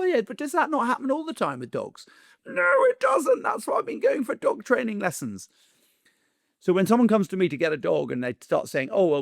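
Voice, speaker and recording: A man's voice: mid-range voice, no echo, studio quality. A man, a dog trainer, talking casually to camera in a chatty way and acting out other people's lines in raised voices.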